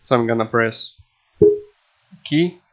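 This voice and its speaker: A man at his computer walking through a coding tutorial, halting and filling pauses with "you know" and "um". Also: mid-range voice, very noisy. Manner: halting, with many fillers and restarts. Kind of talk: casual screen-recorded coding tutorial. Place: at a computer indoors. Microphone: desktop microphone. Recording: dull lo-fi desk mic.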